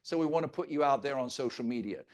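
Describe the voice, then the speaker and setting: A man's voice: medium pitch, lively intonation, quick pace, darkish tone. An older man leading a real estate team training, talking with energy and joking asides, sometimes mimicking his agents' grumbles.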